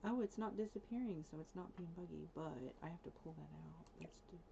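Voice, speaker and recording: A woman's voice: sits low, brisk, creaky, dark tone, a little hiss or hum. A woman live streaming from home, chatting casually as she builds in a game, thinking aloud and teasing her dog now and then. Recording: dull lo-fi stream audio.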